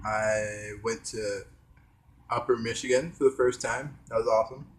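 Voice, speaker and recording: A man's voice: medium pitch, fairly even intonation, normal speed, slight background noise. A young man vlogging in a rambling, hesitant casual monologue, talking while eating with his mouth full. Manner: hesitant, trailing off, many fillers.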